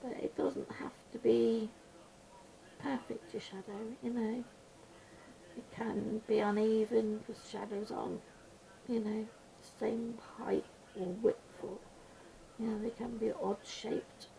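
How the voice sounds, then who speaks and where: A woman chatting casually while she colours at a desk at home, rambling and mumbling quietly to herself, a little blocked up with her voice going gruff. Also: on the high side, little pitch movement, slow pace, low-quality recording. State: slightly congested, voice going gruff. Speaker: colouring channel host. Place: small room at home.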